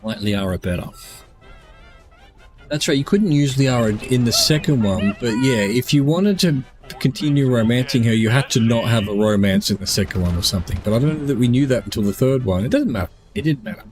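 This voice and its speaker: Over faint music, a yawning, tired streamer rambles casually through his game, answering chat questions and pondering out loud. His mid-range voice has a darkish tone, and he talks briskly.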